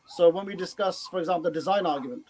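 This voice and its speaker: A man on a panel earnestly explaining an argument, halting and restarting as he goes. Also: high-pitched, a little mellow, a little hiss or hum, low-quality recording. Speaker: panel guest. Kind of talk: explaining an argument in casual chat.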